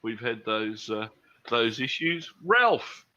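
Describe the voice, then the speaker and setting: A man's voice: mid-range voice, very animated, slow, bright, forceful tone, slight background noise. A man hosting a video chat, talking hesitantly with many fillers. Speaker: host. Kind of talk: casual chat on a video call. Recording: dull lo-fi call audio.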